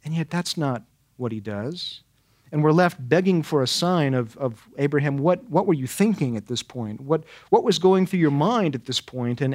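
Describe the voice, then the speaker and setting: Higher-voiced man preaching a dramatic sermon. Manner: dramatic rhetorical questions, emphatic repetition. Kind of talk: expository sermon.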